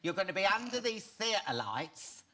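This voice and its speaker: A man with an English accent hosting a comic chat show, teasing his guests with quick camp jokes and laughing often. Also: sits high, sing-song. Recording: loud studio audience laughter and noise. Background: studio audience laughter.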